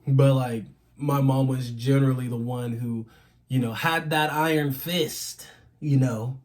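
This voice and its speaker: A young man co-hosting a podcast, telling a childhood story in casual chat, animated and often laughing. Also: medium pitch, a little slow. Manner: animated, laughing, acts out quotes. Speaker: podcast co-host.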